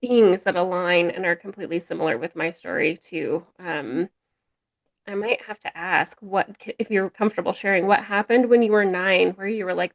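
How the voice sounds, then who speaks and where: A woman's voice: fairly low pitch, moderate pace, no echo. A woman co-hosting a podcast, eagerly reacting and asking her guest questions in casual conversation. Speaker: podcast co-host.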